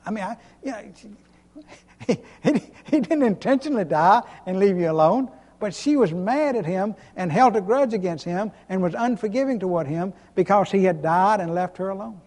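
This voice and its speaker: High-voiced preacher man in an echoey hall. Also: expressive, normal speed, darkish tone. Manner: emphatic preaching, repeats and restarts, chuckles. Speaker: pastor. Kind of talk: sermon. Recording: long hall reverb.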